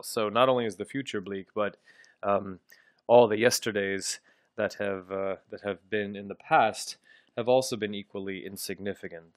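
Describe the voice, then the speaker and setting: A man teaching a literature lesson in a thoughtful, halting way, pausing often with ums and restarting phrases. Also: on the low side, steady tone, dry recording, clean studio sound. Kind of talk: recorded literature lecture.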